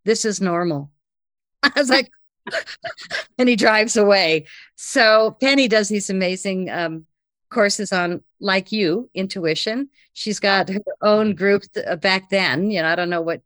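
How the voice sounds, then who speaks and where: A woman telling a personal anecdote in conversation, lively and breathless, acting out the lines of the people in it. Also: medium pitch, unhurried, no echo. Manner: lively, breathless retelling with acted-out quotes.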